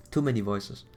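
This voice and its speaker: A man's voice: medium pitch, fairly bright tone, breathy edge. A man streaming and chatting, his voice worn and tired after hours of talking, laughing often and stumbling over restarts. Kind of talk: casual live-stream chat between game lines.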